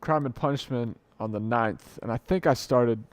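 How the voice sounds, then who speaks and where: On a dry recording, a young man hosts a late-night solo podcast with no script, talking into a desk mic in a dimly lit room at home. He rambles, fixes his own slips, and pokes fun at himself at a moderate pace and medium pitch.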